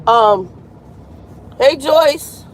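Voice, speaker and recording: A woman's voice: sits high, lively intonation, drawn-out words, slight background noise, poor audio. A woman in her fifties, a truck driver chatting frankly on a casual live stream and greeting viewers by name. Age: 50s. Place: in a truck cab at a terminal.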